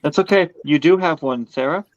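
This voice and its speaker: Man, middle-pitched, teasing but reassuring, muffled lo-fi line with a dead dry sound. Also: brisk, dry recording. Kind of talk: casual livestream chat.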